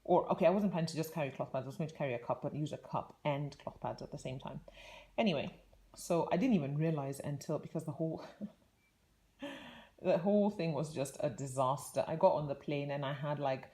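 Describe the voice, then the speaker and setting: Woman, young adult, low voice, vlogger, casual rambling storytelling, laughs a lot. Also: fairly quick, warm tone. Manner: rambling, chatty, laughs often.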